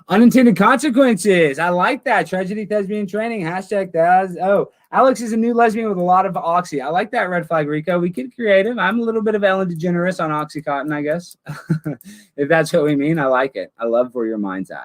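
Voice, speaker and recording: A man hosting a comedy show over an online call, talking in a mock-earnest, deadpan way. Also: medium pitch. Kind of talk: satirical comedy banter.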